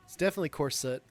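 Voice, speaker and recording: A man with a Midwestern American accent, chatting casually and joking with viewers while streaming a game. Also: on the high side. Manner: chuckling, joking, answering chat. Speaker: gaming streamer. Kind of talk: casual live-stream chat.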